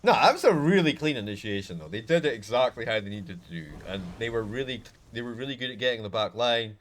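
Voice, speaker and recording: A man casting a live esports match, calling plays excitedly and then breaking down the fight in a relaxed way. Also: medium pitch, quick pace. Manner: excitable play-by-play shifting to relaxed analysis. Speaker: esports caster. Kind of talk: live game commentary.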